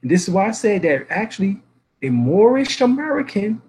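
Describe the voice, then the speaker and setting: A man's voice: sits high, very animated, normal speed, darkish tone, husky, poor audio. A man lecturing, reading out dictionary references, spelling letters aloud and asking rhetorical questions.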